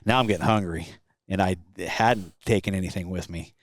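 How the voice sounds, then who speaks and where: A low-pitched man spins a casual story about a helicopter rescue. He is animated and laughs often, putting on the voices of the people in it. His voice sounds dry and close. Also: brisk, dry recording. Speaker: award-winning helicopter pilot guest. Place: convention floor.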